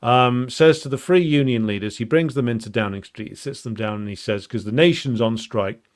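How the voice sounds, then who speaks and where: A man's voice: mid-range voice, fairly quick, clean tone. Man explaining history off the cuff. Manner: thinks aloud with frequent ums and restarts; blunt, emphatic. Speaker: political commentator. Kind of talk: unscripted explanatory talk on political history.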